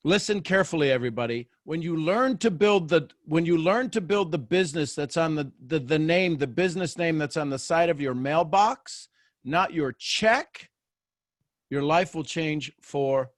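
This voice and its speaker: Fairly high-voiced man giving a pep talk. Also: moderate pace, dry recording, clean studio sound. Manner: animated and joking, with frequent restarts. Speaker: host of a motivational live show. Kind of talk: motivational talk to a live online audience.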